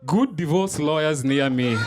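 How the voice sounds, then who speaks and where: A man comedian doing stand-up, reading a list in a measured deadpan way as an audience laughs. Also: mid-range voice. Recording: live club with loud crowd.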